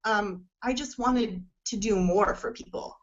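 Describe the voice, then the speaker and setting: A woman's voice: mid-range voice, unhurried. Woman in her forties sharing personal goals. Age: 40s. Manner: rambling, many fillers, tearful at times. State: emotional, near tears. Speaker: network marketing coach. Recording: dull lo-fi sound.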